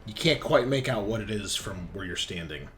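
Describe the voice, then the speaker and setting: A man's voice: on the low side, lively intonation, normal speed, fairly bright tone, soft background music. A man running a tabletop role-playing game as game master, explaining rules patiently and narrating the action.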